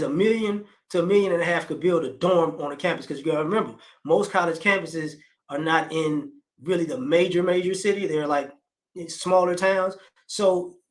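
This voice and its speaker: A man in his forties chats casually, with a voice pitched a bit above the usual male range. He rambles and doubles back, restarting his sentences and filling the gaps as he goes. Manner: rambling, with frequent restarts and fillers. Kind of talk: casual conversational commentary.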